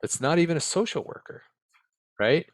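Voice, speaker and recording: This American man's voice sits on the high side, expressive and at normal speed, with no room sound. Once a case manager, he's being interviewed in a room and responds directly and frankly, often ending points with "right?" or "okay?".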